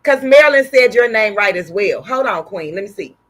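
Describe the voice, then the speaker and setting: A woman's voice: mid-range voice, animated, brisk, fairly bright tone. A woman with a Texas accent and a sore throat, hosting a casual embroidery livestream and chatting with viewers by name.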